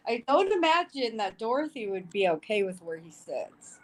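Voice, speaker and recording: A woman's voice: on the high side, very animated, normal speed, low-quality recording. A woman giving casual live-stream commentary, blunt and swearing often, with emotional asides. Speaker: livestream commentator.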